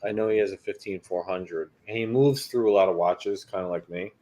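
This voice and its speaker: Deep-voiced guy calmly explaining stuff on a chat stream. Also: a little fast, very noisy. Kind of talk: casual chat.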